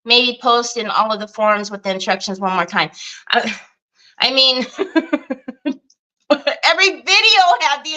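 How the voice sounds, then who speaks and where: A middle-aged woman, hosting a craft livestream in excitable, chatty talk to her viewers. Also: fairly high pitch, measured pace, long pauses, rough recording. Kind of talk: casual livestream chat.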